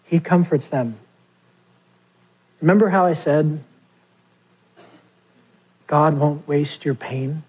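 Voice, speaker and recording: A man's voice: fairly high pitch, takes it slowly, long pauses, husky, dull audio. A man preaching a sermon, who asks his listeners questions and acts out the pleas he quotes. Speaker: pastor.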